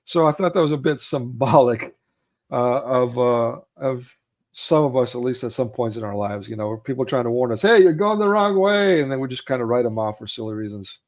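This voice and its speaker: A man's voice: mid-range voice, fairly even intonation, normal speed, darkish tone. Man chatting casually about favorite films. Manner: retells film scenes, acting out quotes with raised voice; laughs easily, many fillers.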